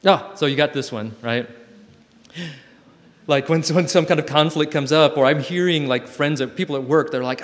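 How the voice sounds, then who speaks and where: A man giving a gentle, reflective spiritual talk to a camp group, with playful asides, and reading old letters aloud. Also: fairly high pitch, normal speed. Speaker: camp speaker. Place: hall with long reverb. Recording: live talk in a reverberant hall.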